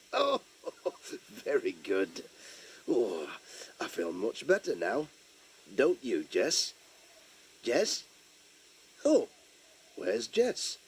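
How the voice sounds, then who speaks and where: A man's voice: medium pitch, husky, heavily acted. An actor playing a cheerful, chatty village postman who tells a children's story and talks straight to young listeners. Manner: chirpy, chatty, addresses young listeners directly. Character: cheerful friendly village postman, adult man. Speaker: storyteller in character. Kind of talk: children's audio story narration.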